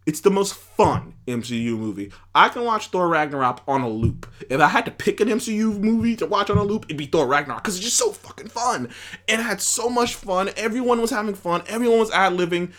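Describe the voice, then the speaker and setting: A man hosting a casual opinion commentary, rambling and animated, with many fillers and restarts. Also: high voice, brisk. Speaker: commentary host.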